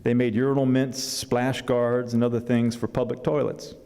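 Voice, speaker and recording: A man's voice: mid-range voice, level tone, normal speed, mellow, clear, resonant tone, natural voice. A man reading aloud as an old grandfather who is a large animal veterinarian, explaining things in a wry, matter-of-fact way. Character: old grandfather, country large animal vet, dry humor. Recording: long hall reverb.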